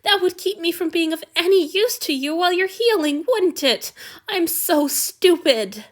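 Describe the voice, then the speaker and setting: A woman's voice: very high-pitched, expressive, a little slow, pitched above the performer's own voice. A woman reading aloud, voicing a meek, devoted young male servant who pleads and abases himself. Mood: eager. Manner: pleading, self-abasing. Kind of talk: audiobook reading.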